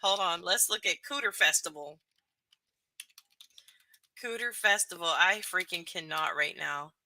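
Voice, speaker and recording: A woman's voice: fairly low pitch, a little slow, pushed and bright, slight background noise. A woman streamer chatting casually with her live chat and reading comments aloud, laughing often between remarks. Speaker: livestreamer.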